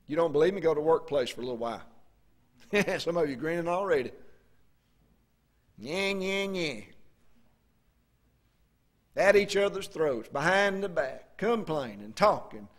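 A man with a fairly high, animated voice preaches a folksy sermon. He asks the congregation questions and reads scripture slowly and emphatically.

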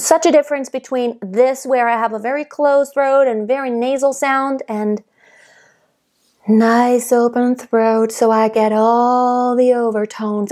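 A young adult woman giving a singing lesson, explaining technique calmly and demonstrating by singing. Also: a little high. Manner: calm, explanatory teacher who demonstrates by singing. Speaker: vocal coach.

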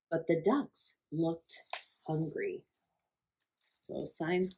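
Storytime reader, a woman with a lowish voice, slow and deliberate, who drops into hushed asides to the kids. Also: very animated, rough recording. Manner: slow, deliberate reading with hushed questions to young listeners. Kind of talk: reading a picture book aloud to children.

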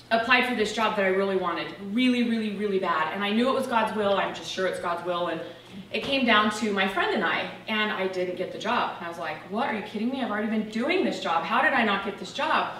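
A woman's voice: mid-range voice, fairly bright tone. A woman giving a chatty, lighthearted personal testimony to a church. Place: church sanctuary. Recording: echoey church room, from far off, faint noise.

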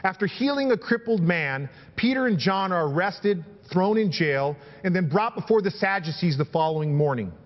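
A man's voice: sits high, expressive, normal speed, hardly any pauses, long reverb tail, lo-fi sound. A man preaching a sermon as pastor, reading scripture aloud and building emphasis with repeated phrases.

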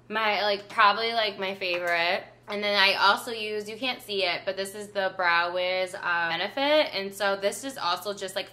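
A woman's voice: fairly low pitch, pushed and bright. A young woman chatting casually through a makeup routine as a beauty vlogger, full of filler likes. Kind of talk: casual makeup tutorial chat.

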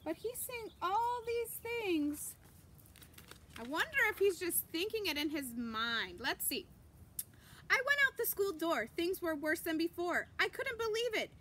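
Very high-voiced, animated woman reading to kids. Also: measured pace, slight background noise. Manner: animated, gasping, exclaiming, asking the listener questions. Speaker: children's story reader. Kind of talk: reading a picture book aloud to children.

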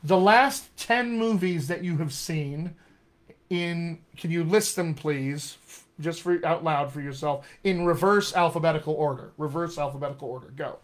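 A man with a General American accent, teaching accents in a live-streamed lesson with an energetic, emphatic manner. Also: fairly high pitch, normal speed. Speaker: dialect coach. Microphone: webcam or phone mic.

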